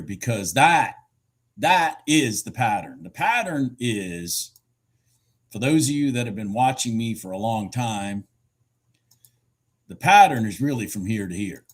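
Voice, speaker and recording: A husky-voiced man talks through his trades live from his desk, his pitch swinging widely as he gets excited. He swears casually and mutters to himself between remarks to viewers. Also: a little slow. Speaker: futures trader streaming live. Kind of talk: live trading commentary.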